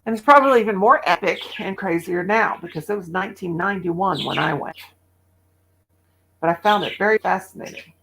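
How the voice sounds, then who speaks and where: A woman's voice: lowish voice, brisk, a bit bright, husky, low-quality recording. Chatty Midwestern woman in her sixties. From American Midwest. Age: 60s. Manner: chatty, rambling, laughs often. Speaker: livestream host. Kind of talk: casual chat with viewers.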